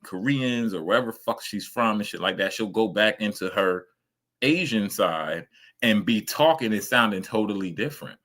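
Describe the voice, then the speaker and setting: A man's voice: on the low side, expressive, normal speed, fairly bright tone. A man streaming casual reaction commentary, ranting emphatically and swearing a lot.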